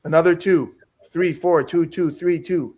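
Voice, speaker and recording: Slightly high-voiced guy hosting a game stream, jokey and upbeat. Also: steady tone, measured pace, a little mellow. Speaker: game host. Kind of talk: casual streamed chat.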